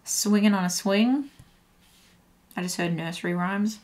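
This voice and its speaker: A woman's voice: mid-range voice, a little slow, a little mellow. A woman giving a casual tarot reading to camera who thinks aloud as she muses over the cards and often repeats phrases. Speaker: tarot reader.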